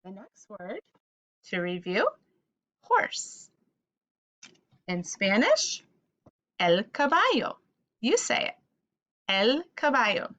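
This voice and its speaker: A woman's voice: medium pitch, wildly swooping pitch, a bit bright. A woman teaching a children's Spanish vocabulary lesson, patiently saying words and asking listeners to repeat after her. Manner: patient call-and-repeat teaching, slow and clear.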